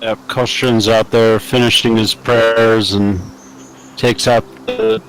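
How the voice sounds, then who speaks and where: A man's voice: medium pitch, takes it slowly, soft background music, poor audio. A man in his thirties chatting casually with his tabletop group in a self-deprecating way. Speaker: player. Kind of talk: casual voice-chat banter.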